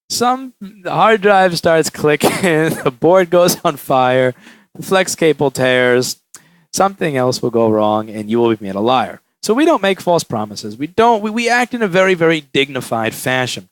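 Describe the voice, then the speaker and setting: A man who owns a repair shop talks to camera in a casual vlog monologue. He tells stories animatedly with a lively, swinging pitch and a slightly raised voice, and the sound is dry and close. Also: no room sound. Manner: animated storytelling, acts out quotes.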